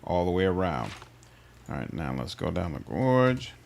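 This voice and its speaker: A man casually chatting through a game livestream, answering his chat in a relaxed way. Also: low voice, moderate pace, vocal fry. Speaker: streamer. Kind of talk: casual gameplay livestream commentary.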